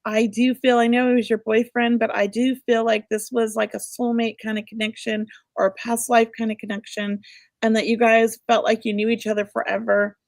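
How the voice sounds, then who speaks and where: A middle-aged woman co-hosts a show as a psychic medium, giving casual spirit readings in an emotional, warm-hearted, rambling way. Her voice is on the high side, flat in delivery and brisk, with vocal fry. The recording is dry and studio quality.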